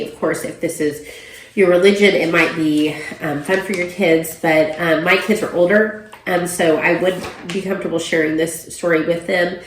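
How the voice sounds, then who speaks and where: Woman, casual book review chat, lowish pitch, roomy echo. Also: a little hiss or hum. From Oklahoma, USA. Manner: chatty, many ums and you-knows.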